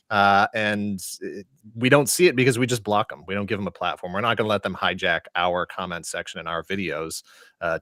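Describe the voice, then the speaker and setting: Deep, bright-toned man, dry close sound. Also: no echo. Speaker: YouTube show host, guest. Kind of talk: casual podcast chat.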